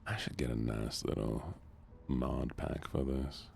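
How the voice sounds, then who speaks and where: A soft-spoken man with a Southern US accent, chatting with viewers during a relaxed gaming stream. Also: rumbling low, measured pace, creaky, slight background noise. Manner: relaxed, chatting to viewers between game moments.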